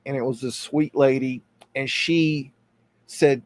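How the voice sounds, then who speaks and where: A middle-aged man hosting a live stream, telling a personal story in a halting, earnest way. He restarts and repeats words as he goes, and points things out on a map. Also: mid-range voice, fairly even intonation. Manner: tells the story while pointing at a map on screen. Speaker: host.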